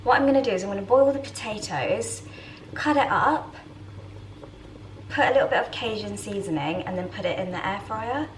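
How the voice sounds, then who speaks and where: A woman chatting casually to the camera in a home vlog, rambling and soft-spoken. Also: medium pitch, normal speed, a little hiss or hum, low-quality recording. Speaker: vlogger. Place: home interior.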